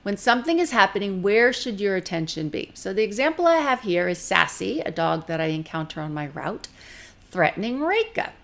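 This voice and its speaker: Lively, plain-spoken woman teaching dog training. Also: medium pitch, creaky. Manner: lively, conversational, acts out quick voices of owners and dogs; direct and practical, plain-spoken. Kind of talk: recorded teaching talk.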